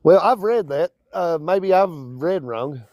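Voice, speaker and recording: A man's voice: fairly high pitch, expressive, slow, darkish tone, dry recording. A man from Kentucky with a Kentucky accent, calling in to a debate stream just out of bed, rambling and stumbling over his words. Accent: Kentucky, near the Tennessee line. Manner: rambling, stumbling, self-deprecating. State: just woke up. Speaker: caller. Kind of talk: casual debate call-in.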